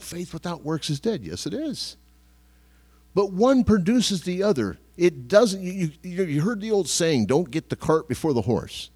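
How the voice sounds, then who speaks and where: A middle-aged man preaching with emphatic force and repeated phrases. His pitch swings widely as he drives each point home. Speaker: pastor. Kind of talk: sermon.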